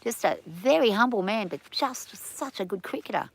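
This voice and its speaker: A woman's voice: medium pitch, expressive, normal speed. A middle-aged Australian woman chatting casually on a farm livestream, rambling and laughing easily, a bit stuffy from hay fever.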